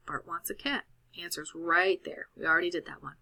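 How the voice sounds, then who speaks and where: A woman's voice: fairly low pitch, brisk, creaky, bright, forceful tone. A woman teacher patiently walking students through each step of a recorded screen-share lesson.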